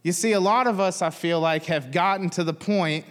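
A man's voice: sits high, moderate pace, big-room sound. A man in his thirties preaching a sermon, talking casually and joking with the congregation. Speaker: pastor.

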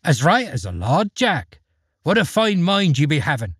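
A wheedling old storybook trickster who coaxes with quaint country phrasing, as a man acts him out. The voice is husky and swings widely in pitch, recorded close and dry. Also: huge pitch swings, normal speed, a bit bright, no echo, heavily acted. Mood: coaxing. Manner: coaxing, old-fashioned country talk. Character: sly, wheedling old man peddling beans.

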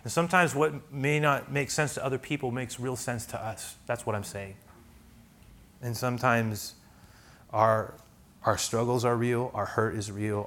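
A middle-aged man preaching a sermon as pastor, earnest, moving from hushed lines to loud pleading ones. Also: mid-range voice.

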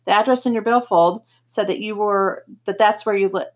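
A woman's voice: medium pitch, normal speed, lightly acted. A woman voicing a kindly grown man who reassures an injured boy, read aloud from a novel with a few slips. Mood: reassuring. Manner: gentle, reassuring, occasional slips.

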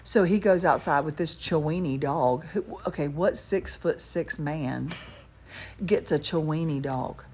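A middle-aged woman, co-hosting a casual chat and telling animated stories that she laughs through. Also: deep voice, unhurried, slight background noise. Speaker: co-host.

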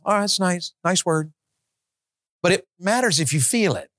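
Impassioned preacher, dry close sound. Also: male voice, sits high, lively intonation, normal speed, fairly bright tone, no echo. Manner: builds to impassioned pleading, acts out fervent prayers. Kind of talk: sermon. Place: auditorium.

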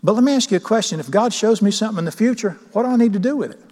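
A man's voice: high voice, animated, racing, darkish tone. A pastor preaching a sermon, emphatic and questioning his congregation. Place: church sanctuary. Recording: long church reverb.

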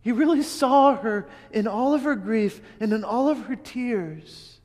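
Man, preacher, first-person sermon monologue, earnest repeats, very high voice, long hall echo. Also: a little slow, darkish tone. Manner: earnest storytelling with restarts and emphatic repeats.

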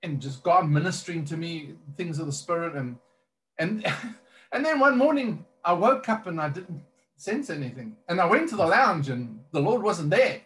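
A man's voice: fairly high pitch, expressive, normal speed, fairly bright tone. Earnest rambling male minister. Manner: earnest, rambling with fillers and restarts. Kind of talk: personal testimony in conversation.

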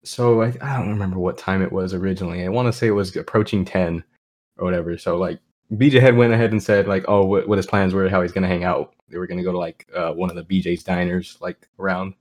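A young man with a fairly low voice co-hosts a podcast. He tells a story slowly and laid-back, rambling with amused asides. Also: fairly even intonation, a little mellow. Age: young adult. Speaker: podcast co-host. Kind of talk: casual storytelling.

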